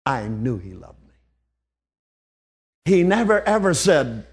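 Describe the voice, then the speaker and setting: Older preacher, gravelly voice, goes quiet then loud and fervent. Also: male voice, medium pitch, very animated, unhurried. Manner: old-fashioned preaching, swings from hushed to fervent outbursts. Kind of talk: sermon.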